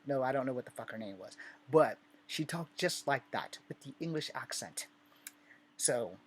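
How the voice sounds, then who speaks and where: A man's voice: mid-range voice, slightly rough. A man from Virginia telling personal stories in a candid, rambling and profane way, in a casual vlog.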